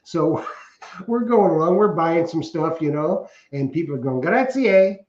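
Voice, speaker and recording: A middle-aged man with a fairly high voice chats casually as co-host of a livestream. He reads out viewer comments and tells rambling, jokey stories, laughing at his own punchlines. The sound is roomy and a bit dull, like lo-fi stream audio. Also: lively intonation, moderate pace, crowd noise. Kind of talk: casual chat.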